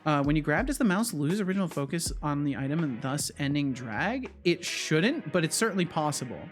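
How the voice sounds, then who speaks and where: A man's voice: on the high side, animated, brisk, faint music behind. A man streaming as a game developer, chatting casually and thinking aloud with frequent restarts, easily startled. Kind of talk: casual live-coding chat.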